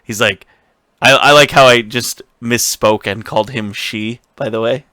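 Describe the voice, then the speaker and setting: Bright-voiced man recapping casually. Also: mid-range voice, fairly even intonation, unhurried, dry recording, studio quality. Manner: rambling, swearing, laughs often. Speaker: podcast co-host.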